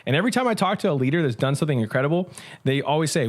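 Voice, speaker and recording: A man who is a pastor, telling his story in an energetic, conversational interview. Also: a little high. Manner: energetic, quick, with restarts. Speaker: pastor and guest.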